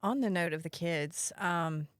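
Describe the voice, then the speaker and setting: A woman's voice: lowish voice, unhurried, no room sound, clean studio sound. A woman hosting a podcast, telling a personal story in a candid, wry way with a casual chat style. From Mississippi, US. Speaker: podcast host.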